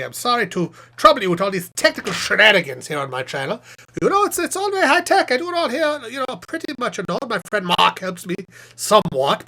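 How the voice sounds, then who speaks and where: A man's voice: sits high, gravelly, bright, forceful tone, exaggerated voice. A man voicing a cheery, goofy male puppet who hosts a live stream, chatting and joking with viewers. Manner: rambling, jokey, chatty with viewers.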